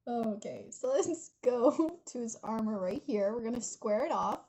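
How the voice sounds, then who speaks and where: A woman's voice: a little high, expressive, unhurried, hardly any pauses, a little mellow, slightly rough, low-quality recording. Chatty woman teaching drawing. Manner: chatty, giggly, addresses viewers as guys. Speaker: art instructor. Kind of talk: drawing tutorial narration.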